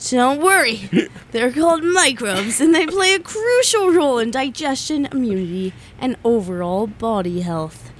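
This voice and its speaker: A woman's voice: on the high side, slight background noise. A woman doing an eager anime-hero narrator. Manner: exaggerated, excited, with rising emphasis. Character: eager young anime-hero narrator, wide-eyed and upbeat. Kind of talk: reading a public service announcement. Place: college radio studio.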